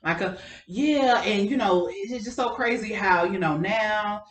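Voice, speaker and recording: A woman's voice: medium pitch, measured pace. A woman co-hosting a podcast, chatting casually and telling a story from work, acting out what people said to her. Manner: animated storyteller, quotes people in voices. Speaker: podcast co-host. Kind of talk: casual chat. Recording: roomy, distant from the mic.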